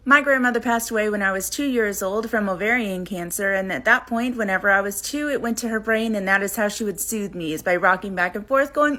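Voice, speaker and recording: A mother tells a story straight to camera in a casual, earnest way. Her voice sits a little on the high side, and she keeps the telling plain and matter-of-fact. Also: a little fast, hardly any pauses, pushed and bright.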